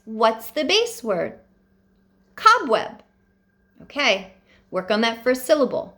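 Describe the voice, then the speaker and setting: A woman leads a phonics lesson for young students, dictating each word with careful, deliberate pauses. Her voice sits fairly high and swoops up and down in a lively, sing-song way. She moves at a very slow, patient pace. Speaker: teacher.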